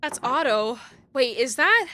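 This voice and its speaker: Excitable high-voiced woman game streamer. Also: measured pace. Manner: excitable, swears freely, gasps and shrieks. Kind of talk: live gameplay commentary, reading game text aloud.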